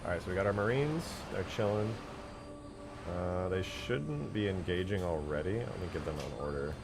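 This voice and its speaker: A man streaming from home into a desk microphone, thinking aloud in a relaxed, rambling way as he plays and mods a game. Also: deep voice, normal speed, creaky, music in the background. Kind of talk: casual livestream commentary.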